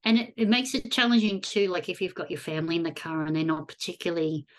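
A woman hosting a casual chat, friendly and quick to laugh as she gives advice. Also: on the low side.

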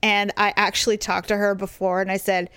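A middle-aged woman co-hosting a show, telling stories in casual chat, candid and animated with blunt swearing. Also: medium pitch, a little fast, smooth, no room sound. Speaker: podcast co-host.

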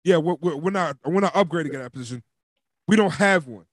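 Talking fast with lively intonation, a man hosts a casual sports podcast captured in a dry, studio-quality recording. He keeps things chatty and loose, laughing and dropping in "um" and "like," with a dog squeaking a toy in the background.

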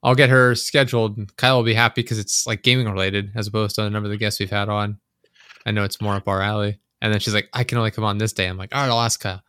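A man on a casual podcast rants about everyday annoyances and swears freely. He acts out his own exasperated inner voice as he goes. His bright, forward voice sits dry and close on the mic. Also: lowish voice, little pitch movement, fast, clear, resonant tone, no echo. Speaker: podcast co-host. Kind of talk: casual chat.

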